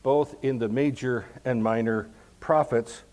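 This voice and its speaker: A man giving verse-by-verse Bible teaching, explaining each passage in a measured way and stressing key words. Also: medium pitch, steady tone, darkish tone.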